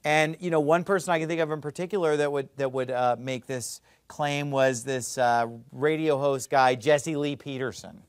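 A man preaching a sermon as pastor, emphatic and swinging between loud and hushed. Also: fairly even intonation, moderate pace, hardly any pauses, smooth, no room sound, clean studio sound. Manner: emphatic, swings between loud and low, mimics others mockingly.

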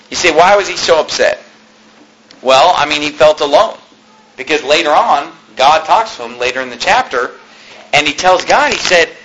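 A man's voice: on the high side, lively intonation, normal speed, a bit bright, slight background noise, rough recording. A man preaching a sermon, reading scripture aloud and retelling it casually with lots of fillers.

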